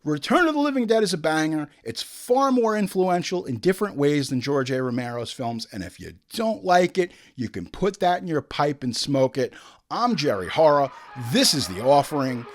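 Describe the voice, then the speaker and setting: A man's voice: on the high side, big pitch swings, moderate pace. A man hosting a horror podcast, ranting sarcastically and swearing as he reads out reviews. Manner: profane, sarcastic, heated. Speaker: podcast host.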